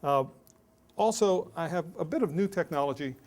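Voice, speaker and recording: A middle-aged man delivers an academic lecture in a voice pitched a little above the usual for men. He talks in a joking, self-deprecating way, tossing in stories and quick asides without waiting for laughs. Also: expressive, a little mellow. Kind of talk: academic lecture with jokes and anecdotes.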